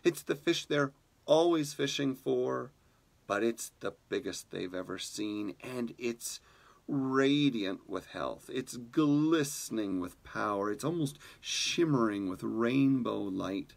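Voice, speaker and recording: Soft-spoken gravelly male storyteller. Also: medium pitch, animated, slow. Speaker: spiritual community leader. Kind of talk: storytelling in a meditation talk.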